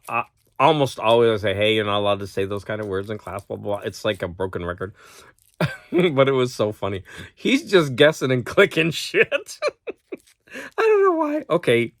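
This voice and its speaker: Recovering from a cold, a teacher who vlogs rambles to a close-up camera at home in a lowish, fairly bright voice. He laughs a lot at his own stories and talks to his dog, and the recording is dry.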